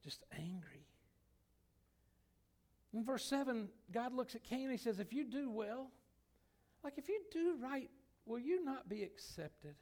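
A man's voice: very high-pitched, lively intonation, moderate pace, a little mellow. A man, a pastor, preaching a sermon in church in a folksy, emphatic way with many restarts. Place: church sanctuary.

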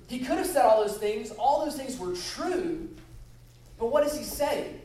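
In a church sanctuary, a visiting preacher leads prayer in his sermon and underlines key lines through repetition. His pitch is extremely high, his intonation lively, his pace unhurried and his tone darkish; the recording is echoey and distant, with slight background noise.

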